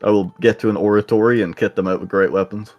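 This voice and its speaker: A man's voice: on the low side, fairly even intonation, fast talker, muffled recording. A man chatting casually as a player in a tabletop game, joking and swearing loosely.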